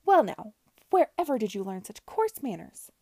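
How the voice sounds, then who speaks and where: A woman reading aloud and voicing a scheming, falsely motherly brothel keeper, loud and mock-patient. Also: fairly low pitch, normal speed, vocal fry, husky, no room sound. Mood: mock-patient, sneering.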